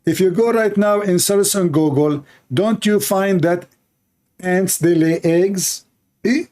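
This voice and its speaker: A man's voice: sits high, takes it slowly, a little mellow. A man giving a mocking comedic monologue as a debate commentator, sarcastic and full of rhetorical questions. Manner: sarcastic, rhetorical, plays both sides of a mock dialogue.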